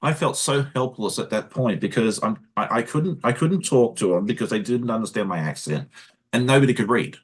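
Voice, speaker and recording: A man's voice: medium pitch, lively intonation, a little fast, slightly rough. Easygoing Australian man hosting a chat. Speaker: host. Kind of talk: casual chat.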